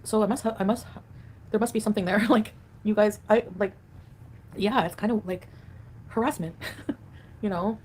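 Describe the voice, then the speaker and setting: A woman's voice: mid-range voice, steady tone, normal speed, pauses often, a little mellow, slight background noise. A woman livestreaming in a casual, rambling way, reading viewer comments aloud and answering them.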